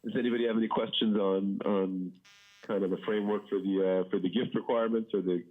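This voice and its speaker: A middle-aged man briefing a public board meeting as plan consultant, measured, with many fillers and restarts. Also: on the low side, fairly even intonation. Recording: dull municipal meeting audio.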